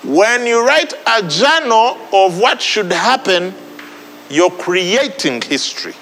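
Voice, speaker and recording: A man's voice: sits high, very animated, takes it slowly, fairly bright tone, big-room sound, slight background noise, low-quality recording. A man preaching a sermon, repeating phrases for emphasis. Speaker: pastor.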